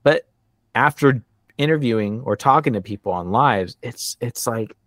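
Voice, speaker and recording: A man hosting a podcast, chatting casually, animated and laughing as he acts out what others said. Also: medium pitch, normal speed, no echo, clean studio sound. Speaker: podcast host. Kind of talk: casual conversation.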